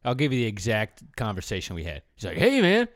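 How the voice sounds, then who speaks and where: A man's voice: lowish voice, expressive, fast talker, dry recording, studio quality. A man co-hosting a podcast, telling a story casually with some swearing. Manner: tells stories with acted quotes, swears, gets loud when riled. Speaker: podcast co-host.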